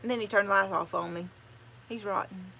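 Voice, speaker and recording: A woman's voice: medium pitch, steady tone, fairly quick, creaky, pushed and bright, slight background noise. An older woman, chatting casually on a livestream in a rambling, folksy way. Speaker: channel host.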